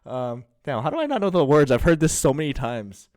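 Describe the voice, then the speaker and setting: A man's voice: mid-range voice, lively intonation, a little fast, darkish tone, no room sound, studio quality. A man in his thirties streaming live, chatting casually, laughing and trying out rap voices.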